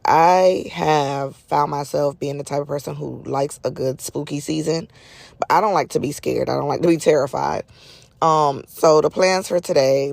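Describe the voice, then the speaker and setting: A woman's voice: sits low, vocal fry, darkish tone, no echo. A middle-aged woman hosting a solo podcast in casual, chatty talk, her nose a little stuffy, with folksy asides. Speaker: podcast host.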